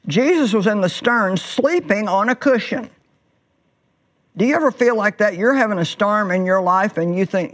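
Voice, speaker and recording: A woman preaching a sermon, telling stories emphatically and stretching words for effect. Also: medium pitch. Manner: emphatic storytelling with drawn-out words and sudden swells.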